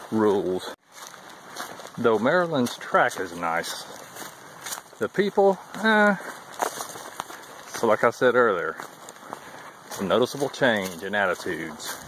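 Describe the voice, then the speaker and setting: Man, lowish voice, chatty and wry, hiking vlog on a trail, faint outdoor hiss. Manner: chatty, wry, thinking out loud. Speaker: thru-hiker vlogger. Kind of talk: casual walking vlog. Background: faint outdoor ambience.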